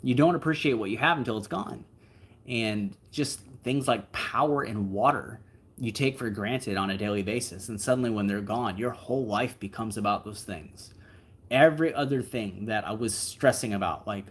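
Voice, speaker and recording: A relaxed man hosts a livestream and chats loosely with his viewers. His voice sits a little low, and he rambles along with plenty of fillers and asides. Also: normal speed, slightly rough. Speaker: livestream host. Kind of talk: casual livestream chat, answering viewer comments.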